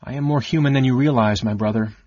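A man reading an audiobook, voicing a cold, sardonic male mage who speaks softly and evenly. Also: mid-range voice, breathy edge, no echo, dull audio, natural voice. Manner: soft, measured, icy.

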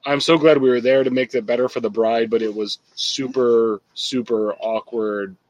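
A man's voice: mid-range voice, fairly even intonation, moderate pace. A man co-hosting a casual livecast in a laid-back, wry way, moving the show along to the next question. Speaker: livecast co-host who runs the questions. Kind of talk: casual chat.

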